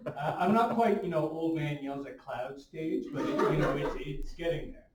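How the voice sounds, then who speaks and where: A man's voice: a little high, animated, normal speed, a loud crowd. A middle-aged man doing stand-up, grumbling and hesitant with many ums and uhs. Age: Generation X, 40s or 50s. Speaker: stand-up comedian. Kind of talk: stand-up comedy set. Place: comedy club stage. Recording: echoey room, from far off.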